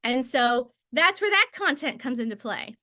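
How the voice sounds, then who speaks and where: A woman in her thirties teaches a casual session, running off on tangents and filling gaps with "like" and "um". Her voice sits high and comes across bright and forceful. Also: lively intonation, moderate pace. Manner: chatty, tangents and filler words. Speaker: network marketing trainer. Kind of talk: casual training talk.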